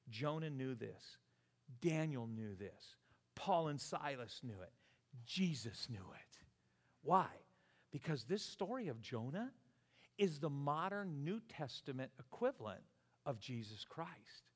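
An older male pastor preaching in his sixties, lively and exclamatory, chuckling as he drives his points home. His mid-pitched voice rolls out into a church sanctuary with a long hall reverb trailing each phrase. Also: a little slow. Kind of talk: sermon.

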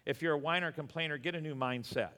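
A man's voice: a little high, fast talker, sharp tone, clear, resonant tone, long reverb tail. A man pastor preaching a sermon in earnest, repeating words for emphasis.

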